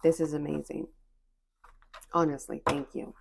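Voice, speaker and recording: A woman's voice: low-pitched, flat delivery, measured pace, creaky, noisy background. A woman giving a spiritual oracle card reading to her viewers, reassuring and encouraging in a casual, slangy way, often repeating phrases.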